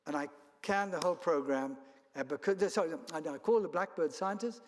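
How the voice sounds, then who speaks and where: A man's voice: a little high, brisk. A man from Kenya and South Africa, a travel company founder, giving a rambling anecdotal keynote at an event. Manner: rambling storyteller with restarts and chuckles. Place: event hall. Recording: long hall reverb.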